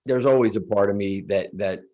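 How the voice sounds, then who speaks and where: A man's voice: lowish voice, a little fast, dark tone, dull audio. A middle-aged man, a guest in an interview, telling a personal story in earnest and acting out the dialogue.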